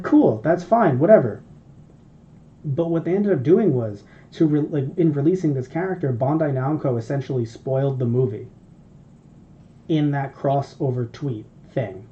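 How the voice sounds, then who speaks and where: A man's voice: mid-range voice, moderate pace. Rambling profane man on a podcast. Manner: rambling, profane, animated storytelling. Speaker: podcast co-host. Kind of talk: casual podcast chat. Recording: dull lo-fi podcast audio.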